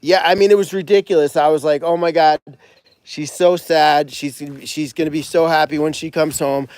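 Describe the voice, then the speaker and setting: A man caring for animals at a sanctuary, chatting casually and excitedly on a livestream and thanking donors as he goes. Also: a little high, moderate pace, clear, resonant tone, dry recording. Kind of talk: casual live-stream chat.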